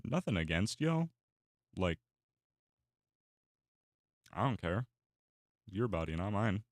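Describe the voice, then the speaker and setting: A man's voice: sits low, very animated, slow, no echo. A young man chatting casually while he draws, rambling with many fillers and restarts. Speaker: artist and YouTuber. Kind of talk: casual chat while drawing.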